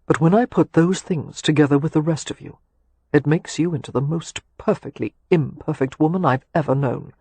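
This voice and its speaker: Narrator voicing a wry teasing gentleman. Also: a little high, normal speed, breathy edge. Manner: dry teasing quips, earnest. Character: adult male suitor, teasing and wry. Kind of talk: audiobook character dialogue.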